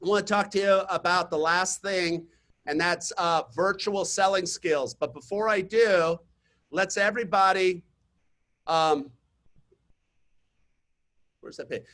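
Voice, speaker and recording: A man coaching real estate agents in a webinar, telling chatty stories to the audience and pitching his program. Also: a little slow, long pauses, fairly bright tone. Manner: chatty storytelling, talks straight to the audience. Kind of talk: webinar presentation with sales pitch. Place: online webinar.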